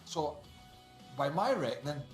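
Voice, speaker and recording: A man's voice: on the high side, big pitch swings, a little slow, soft background music. A man on a football panel, breaking down a match in an analytical, dry-humoured way. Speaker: football pundit. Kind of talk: studio panel chat. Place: TV studio. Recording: roomy studio sound.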